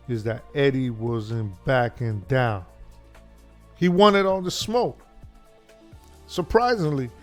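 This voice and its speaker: Male online commentator, sarcastic and mocking, mid pitch, light music bed. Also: darkish tone. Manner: mocking, chuckles at own jokes. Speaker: YouTube commentator.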